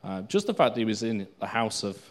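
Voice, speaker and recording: Low-voiced man teaching from scripture. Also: big pitch swings, quick pace. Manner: unscripted, with frequent fillers and restarts between read passages. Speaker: Bible teacher. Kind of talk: informal Bible teaching with scripture reading.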